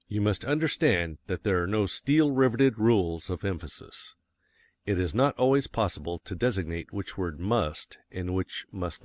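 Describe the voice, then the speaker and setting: A man reading a textbook aloud as an audiobook, in a measured, deliberate way with clear stresses. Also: sits low, no room sound. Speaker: audiobook reader.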